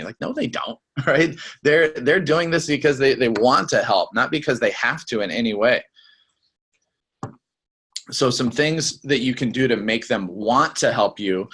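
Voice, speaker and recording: A young man giving a casual sales training talk, acting out quick lines of customers and reps as examples. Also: medium pitch, animated, a bit bright, slightly rough. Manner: conversational, acts out customer and rep lines.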